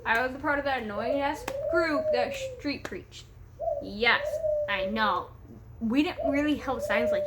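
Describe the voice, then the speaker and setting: A woman's voice: high-pitched, sing-song, unhurried, heavy background noise. A young woman telling a story in a casual vlog, hyper from caffeine, rambling, laughing often and swearing freely. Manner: giggly, rambling, profane, easily distracted. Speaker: vlogger. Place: home room with a pet bird.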